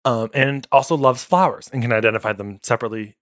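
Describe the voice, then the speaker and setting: A man's voice: medium pitch, fast talker, few pauses. A man co-hosting a podcast in casual chat, telling stories with jokes and acted-out quotes. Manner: animated, jokey storytelling with acted quotes. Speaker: podcast co-host.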